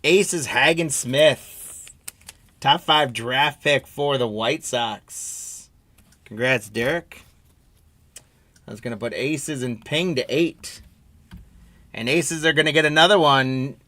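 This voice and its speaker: A man's voice: medium pitch, expressive, takes it slowly, bright, forceful tone, dry recording. A man hosting a live trading card break stream, reading out player names and teams in a running patter and chatting with viewers.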